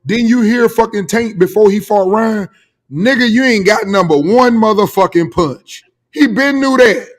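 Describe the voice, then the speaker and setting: A man on a boxing talk show, arguing loudly and profanely in a heated casual debate. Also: high-pitched, moderate pace. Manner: loud, profane, exasperated arguing.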